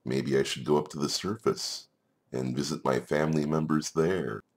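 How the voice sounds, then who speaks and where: A man's voice: steady tone, normal speed. Man voicing a giddy young girl cave spider. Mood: wondering. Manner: high, giddy, aimless. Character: young female giant cave spider, mischievous.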